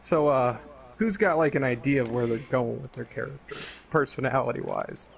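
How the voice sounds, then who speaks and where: A man's voice: mid-range voice, normal speed, gravelly, a little hiss or hum. A man chatting casually and jokingly as he leads planning for a tabletop game, laughing often.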